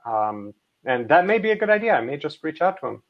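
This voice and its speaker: A man talking in a casual online panel chat. He is animated, often restarts his sentences and laughs along. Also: on the high side, fairly quick. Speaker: co-host. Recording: dull lo-fi call audio.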